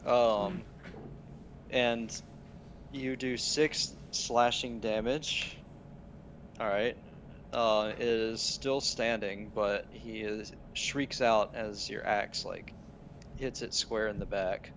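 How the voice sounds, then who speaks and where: Low-voiced man running a tabletop game. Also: steady tone, slow pace, a bit bright, a little hiss or hum. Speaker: game master.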